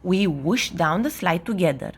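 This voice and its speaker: Woman reading a lively children's story. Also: on the low side, moderate pace, husky. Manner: expressive, playful storytelling.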